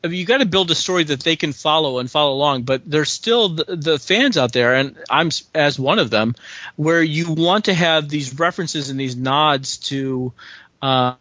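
A man's voice: a little high, moderate pace, sharp tone, dry recording. A man in his forties, a writer being interviewed, talking casually and enthusiastically with frequent restarts. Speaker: comic book writer guest. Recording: dry, slightly dull sound.

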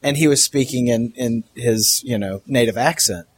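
A man's voice: mid-range voice, moderate pace, slight background noise. Chatty man hosting a podcast. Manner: chatty, laughs easily. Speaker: podcast host. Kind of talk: casual chat.

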